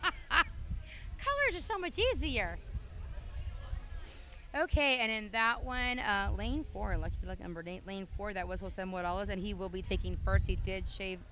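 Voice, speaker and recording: A woman's voice: medium pitch, brisk, hardly any pauses, fairly bright tone. A woman announcing a swim meet, chatty and casual with many fillers, calling lanes and times and calling out to the kids. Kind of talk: live meet announcing over a PA. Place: indoor pool meet. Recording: noisy poolside recording.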